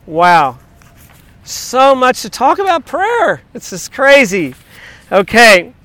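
A man's voice: very high-pitched, slow pace, no echo. A middle-aged male pastor preaching a sermon with energy, breaking into sung worship lyrics and quoting texts from friends. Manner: animated, sings along and speaks lyrics.

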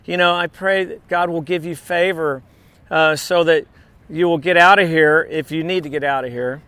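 Male pastor, high bright voice, dry close sound, chatty sermon delivery. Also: steady tone, moderate pace, smooth, no echo. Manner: conversational preaching with asides and restarts.

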